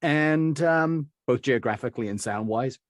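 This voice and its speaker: A man's voice: medium pitch, normal speed, no room sound, studio quality. A middle-aged man from Birmingham, England, answering interview questions as a dialect coach, rambling with many fillers and restarts. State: recovering from covid.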